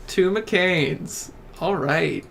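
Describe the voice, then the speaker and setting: A man's voice: high voice, creaky, fairly bright tone, slight background noise. A man with a Southern US accent from Tennessee, hosting a casual live gameplay stream, rambling and joking with his co-players. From Tennessee, USA. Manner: rambling, chatty, quick to joke with co-players. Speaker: game streamer host.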